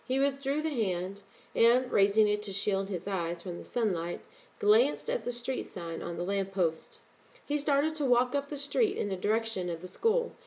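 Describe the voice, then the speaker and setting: A woman reads a story aloud in a steady, measured audiobook style. Her voice sits at an ordinary middle pitch and keeps an even pace through the long descriptive passages. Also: rough recording. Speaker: narrator. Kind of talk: audiobook narration.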